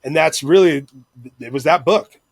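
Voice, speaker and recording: A man's voice: fairly high pitch, moderate pace, vocal fry, slightly rough, no echo. A man talking in a casual podcast chat, profane and rambling, with bursts of intensity.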